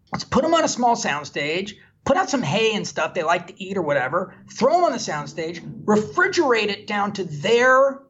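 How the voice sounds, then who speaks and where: Guest, male film director, husky voice, candid self-deprecating anecdotes, dull lo-fi recording. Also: sits high, fairly bright tone. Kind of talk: animated anecdotal storytelling.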